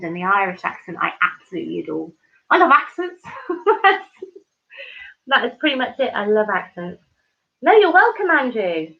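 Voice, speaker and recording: A woman's voice: mid-range voice, creaky. A woman hosting a live stream, chatting casually and effusively with viewers, reading out their comments with many ums and restarts. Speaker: livestream host. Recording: dull lo-fi stream audio.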